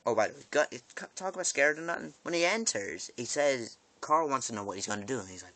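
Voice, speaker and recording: This male vlogger has a bright, forceful mid-range voice that swings widely in pitch. His episode recap is loose and rambling, full of profanity, asides, and abrupt restarts.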